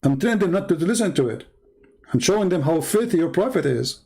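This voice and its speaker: A man's voice: high-pitched, sing-song, fast talker, creaky, warm tone, breathy edge. A man hosting his own channel, delivering a blunt, scornful monologue. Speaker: channel host. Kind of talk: combative monologue.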